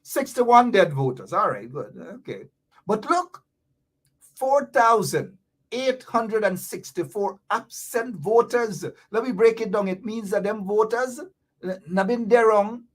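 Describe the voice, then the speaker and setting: A woman's voice: mid-range voice, lively intonation, a little slow. A woman with a Guyanese accent, talking to viewers in a livestream about politics and playfully teaching local Creole phrases. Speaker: political commentator.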